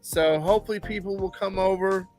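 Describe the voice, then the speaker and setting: A man's voice: sits high, fairly even intonation, fairly quick, darkish tone, soft background music. Joking man hosting a live show. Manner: joking, playful, self-deprecating. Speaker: podcast host. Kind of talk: casual live-stream chat.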